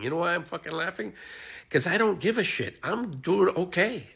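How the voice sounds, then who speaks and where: A man's voice: sits high, lively intonation, moderate pace, gravelly, a bit bright, husky. A man ranting to his phone camera, profane and exasperated, with bitter laughter running through his talk. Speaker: social media poster.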